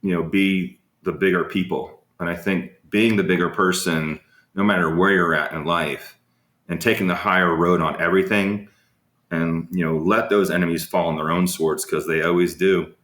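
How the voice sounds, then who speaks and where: A man's voice: sits low, fairly even intonation, normal speed, a bit bright. A man hosting a casual live Q&A, telling rambling stories full of fillers and answering viewers' questions. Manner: rambling, anecdotal, frequent fillers. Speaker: host of a live Q&A. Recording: echoey room.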